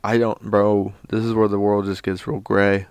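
A man's voice: fairly low pitch, little pitch movement, normal speed, clear, resonant tone, dry recording. A tipsy man co-hosting a casual podcast, laid-back and goofy, saying bro a lot. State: intoxicated. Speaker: podcast co-host.

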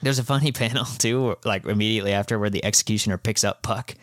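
A man with a fairly low voice talks through a manga chapter in a loose, rambling podcast chat. He leans on fillers and swears casually. The sound is dry and close, with no room around it. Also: fast talker, no room sound. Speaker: podcast co-host.

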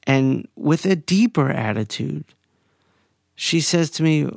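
A man in his forties telling a personal story in a casual, animated way, sometimes profane and heated. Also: fairly high pitch, slow, gravelly, dry recording, studio quality. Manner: animated, profane, rising to anger.

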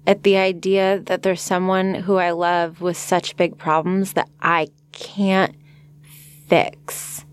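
Female podcast co-host; mid-pitched, earnest, reflective. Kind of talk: casual podcast discussion.

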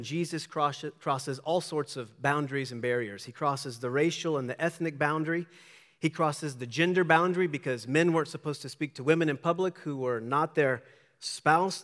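Male pastor, a little high-voiced, emphatic questioning sermon delivery, recorded in a long-echo church. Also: fairly bright tone. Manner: emphatic, questioning preacher who acts out the people in his story. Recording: long hall reverb.

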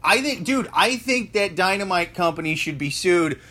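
A male comedian riffs crude, absurd bits in podcast banter. His voice is high-pitched and bright, with a sharp edge. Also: lively intonation, moderate pace, slight background noise.

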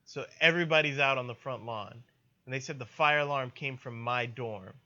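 A young man casually telling a funny story, laughing through it and delivering the punchlines deadpan. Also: medium pitch, normal speed, lo-fi sound.

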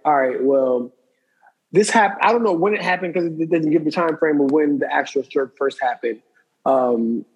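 A man's voice: on the high side, darkish tone, slightly rough, lo-fi sound. A man in casual chat, recapping a TV episode in a thoughtful, explaining way.

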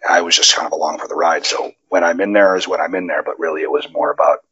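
A man guest on a wrestling interview, telling stories in a casual, profane and animated way, his pitch jumping up when he gets excited. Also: fast talker, slightly rough, highs cut off. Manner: animated, profane storytelling with sudden jumps in pitch. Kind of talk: casual storytelling chat. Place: Nevada.

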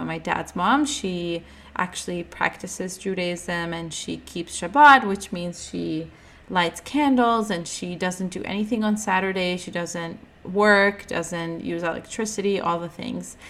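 A young woman talks through a casual podcast monologue. She is candid and chatty, fills her speech with "like", and turns animated whenever she quotes someone else. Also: lowish voice. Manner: candid and chatty, heavy use of "like", animated when quoting others. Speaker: podcast host.

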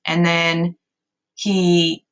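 A woman's voice: on the low side, flat delivery, very slow, fairly bright tone, muffled recording. A young adult woman hosting a video, recapping a story in casual commentary with sarcastic, swear-filled, exasperated asides.

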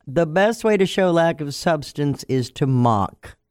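A man co-hosting a radio morning show, playful and quick in the banter, reading listener texts. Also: a little high, expressive, clear, resonant tone, dry recording, clean studio sound. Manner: playful, quick to apologize and laugh. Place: radio studio.

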